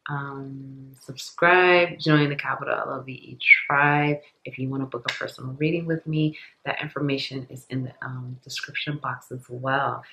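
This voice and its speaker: A tarot reader chatting straight to viewers in a loose, rambling way, full of "like" and "you know", often repeating lines and tripping over words. The voice sits at a middling pitch. The sound bounces around a roomy space. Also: fairly even intonation, normal speed, few pauses, bright, forceful tone, slight background noise. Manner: rambling, filler-heavy, repeats itself. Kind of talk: casual tarot reading to viewers.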